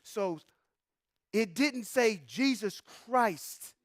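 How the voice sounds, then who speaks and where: Guy teaching scripture like a sermon, reads slow then gets fired up, high voice. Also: lively intonation, dry recording, studio quality. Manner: reads scripture slowly, then preaches with rising emphasis; talks to the audience directly, asking questions. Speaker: Bible teacher.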